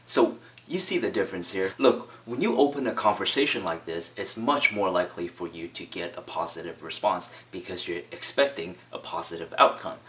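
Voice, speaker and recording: A man's voice: low-pitched, a little fast, hardly any pauses, fairly bright tone, far from the mic. A man giving direct, emphatic coaching on conversation skills in an instructional video.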